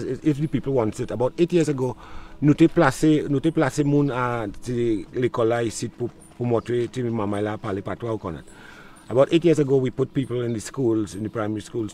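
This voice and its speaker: Older Trinidadian man explaining slowly. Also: medium pitch, mellow. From Trinidad and Tobago. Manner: switches between patois and English, repeating himself. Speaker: local interviewee. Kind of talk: casual interview. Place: outdoors in a village.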